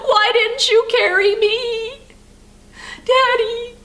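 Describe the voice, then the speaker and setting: A woman voicing a scared little five-year-old girl, high and plaintive in a storytelling sermon. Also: steady tone, extremely slow, a bit bright, heavily acted. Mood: whiny.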